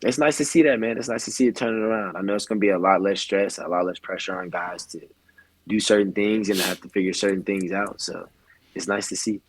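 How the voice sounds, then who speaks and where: A man's voice: lowish voice, fast, poor audio. A young adult man, a baseball player guest, telling stories in a laid-back way full of slang on a casual podcast.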